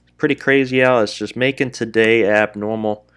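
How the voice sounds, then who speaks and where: A man hosting live day trading commentary, talking quickly to his viewers as traders and guys, and openly scolding himself when a trade goes wrong. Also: on the low side, fairly even intonation, a bit bright, clear, resonant tone. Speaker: day trader and channel host.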